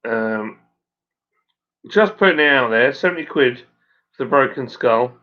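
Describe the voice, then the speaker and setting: A man with a broad Suffolk accent chats away on a home live stream, matey and rambling, with lots of ums and uhs. His voice sits in an ordinary middle pitch. The recording is dull and lo-fi. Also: expressive, measured pace. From Suffolk, England. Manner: rambling and matey, with many fillers. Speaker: stream host and brewer. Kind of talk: casual live-stream chat reading viewer comments. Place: at home by the fire. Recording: dull lo-fi sound.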